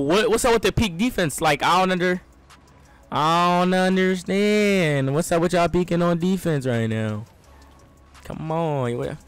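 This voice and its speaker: A young man giving excitable, trash-talking live commentary on his own gameplay, swinging between loud outbursts and low mutters. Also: no room sound. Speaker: gaming streamer.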